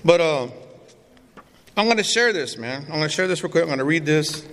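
A man's voice: on the high side, animated, brisk, a bit bright. Streetwise man telling his story in a hall. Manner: raw, profane, streetwise storytelling. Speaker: recovery meeting speaker. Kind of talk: testimony talk to a recovery meeting. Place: meeting hall. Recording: reverberant hall with faint room noise.

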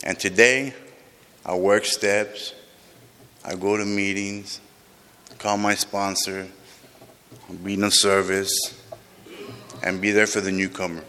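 A man's voice: lowish voice, flat delivery, slow, long pauses, pushed and bright, slight background noise. A man sharing his recovery story with a group, raw and emotional, swearing often, heard in a large room. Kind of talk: personal recovery testimony to a group. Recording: long reverb of a large hall.

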